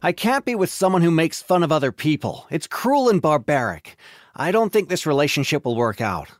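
A woman voicing a gentle, kind teenage boy in a storybook tale, speaking softly and earnestly. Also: deep voice, big pitch swings, fairly quick, dry recording, pitched below the performer's own voice.

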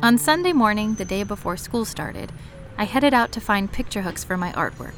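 A woman narrating a first-person romance story in an expressive, lively way. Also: mid-range voice, normal speed, over music.

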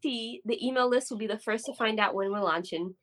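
A woman's voice: on the high side, brisk, a bit bright. A woman co-hosting a podcast in casual chat, emphatic and repeating phrases for effect. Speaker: podcast co-host.

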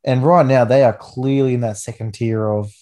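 A man's voice: mid-range voice, steady tone, moderate pace, darkish tone. A man in his twenties with an Australian accent, hosting a casual rugby league chat with enthusiastic, rambling talk full of restarts. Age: 20s. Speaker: podcast host.

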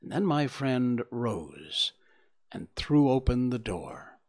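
Expressive male audiobook narrator. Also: medium pitch, slow pace, no room sound, clean studio sound.

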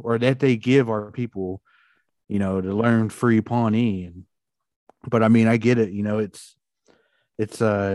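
Guy with a lowish voice chatting easygoing, lots of fillers, dry sound. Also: no room sound. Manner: relaxed, heavy on fillers like "you know" and "like". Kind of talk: casual conversation.

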